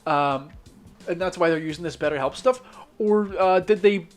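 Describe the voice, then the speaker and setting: A man's voice: high voice, moderate pace, soft background music. A man from Northern Ireland with a muted Northern Irish accent, streaming while he draws, ranting skeptically with lots of swearing and restarts. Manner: rambling with many restarts. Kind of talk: casual chat while drawing.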